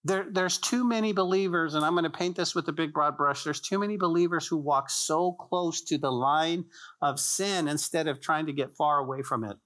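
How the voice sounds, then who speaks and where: A man's voice: fairly high pitch, normal speed, a bit bright. Man preaching an emphatic, chatty sermon. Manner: repetitive, emphatic preaching with rhetorical questions; conversational asides and jokes to the congregation. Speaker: pastor. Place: church.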